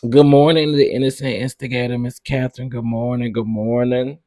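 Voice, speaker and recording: A man hosts a casual live audio chat in an upbeat, easygoing voice. He calls out greetings to listeners one by one. His pitch sits in an ordinary middle range. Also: flat delivery, brisk, darkish tone.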